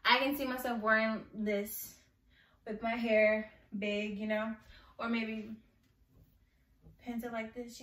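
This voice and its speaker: A woman's voice: a little high, fairly even intonation, takes it slowly, long pauses. A young pregnant woman vlogger talking casually and rambling, a bit out of breath and laughing often. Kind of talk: casual chat.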